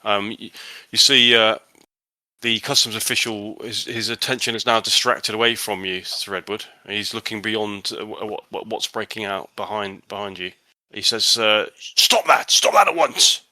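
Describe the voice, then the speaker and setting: A man's voice: on the low side, level tone, moderate pace, bright, forceful tone, dry recording. A man narrating a tabletop horror game as game master, hesitant and full of restarts.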